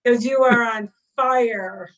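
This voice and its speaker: A woman's voice: fairly high pitch, slow, fairly bright tone, highs cut off. A woman co-hosting a casual group chat on a video call, easygoing and chatty. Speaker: podcast co-host.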